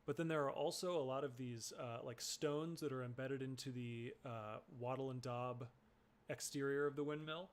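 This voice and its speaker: A man taking part as a player in a tabletop role-playing game, speaking relaxed with pauses. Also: medium pitch. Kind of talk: tabletop role-play chat.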